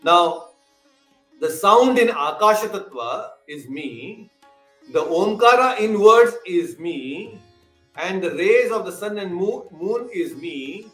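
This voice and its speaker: Male spiritual teacher with a slightly high voice, lecturing on scripture and quizzing listeners. Echoey room, faint sitar music behind. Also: lively intonation, takes it slowly, a bit bright. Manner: explanatory, quizzes listeners, repeats key terms.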